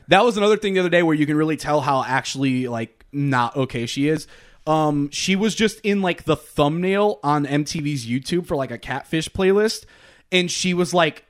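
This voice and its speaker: A man's voice: a little high, moderate pace. A young man co-hosting a podcast, chatting casually in a rambling way, with lots of "like", swearing and laughter. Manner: rambling, heavy use of "like", swears and laughs often. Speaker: podcast co-host. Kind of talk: casual chat.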